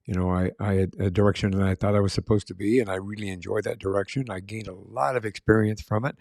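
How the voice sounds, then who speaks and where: A man's voice: on the low side, fairly even intonation, fast talker, vocal fry, darkish tone, dry recording, clean studio sound. A man hosting a podcast interview, affirming his guest and asking long, winding questions. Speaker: podcast host. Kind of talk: interview conversation.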